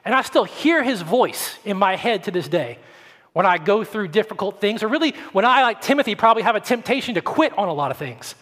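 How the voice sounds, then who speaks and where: A man's voice: sits high, sing-song, brisk, fairly bright tone. A man preaching a sermon as pastor, earnest, often repeating words as he starts a sentence. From Atlanta, Georgia, US. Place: church sanctuary. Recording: long church-hall reverb.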